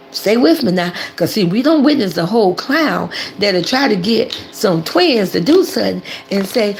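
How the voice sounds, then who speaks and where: An older woman hosting casual livestream commentary, animated and preachy, talking about herself in the third person. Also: mid-range voice, gravelly, a little hiss or hum. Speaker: commentary channel host.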